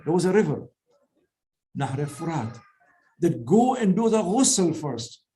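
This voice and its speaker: High-voiced man giving a sermon. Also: warm tone. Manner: didactic, asks questions then answers them. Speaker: religious lecturer.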